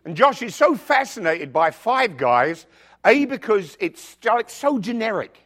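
A male pastor delivers a sermon woven with personal stories. His voice sits a little high, and he preaches with animated emphasis, often breaking into jokey asides. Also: a little slow. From outside the United States.

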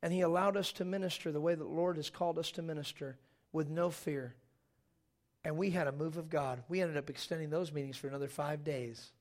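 A man preaching a sermon in a church, telling stories with jokes in an animated way. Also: fairly high pitch, fairly quick.

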